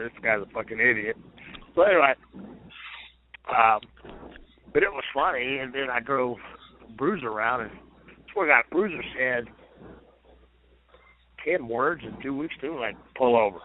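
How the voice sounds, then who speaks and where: The guest on this phone interview is a retired pro wrestler whose mid-range voice tells loose, profane stories in a casual way. The tinny phone line adds a little hiss or hum.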